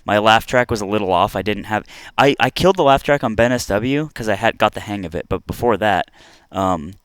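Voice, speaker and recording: A man's voice: fairly low pitch, brisk, smooth, no echo. A young man co-hosting a casual podcast, reading out chat questions, swearing and laughing often. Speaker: podcast co-host.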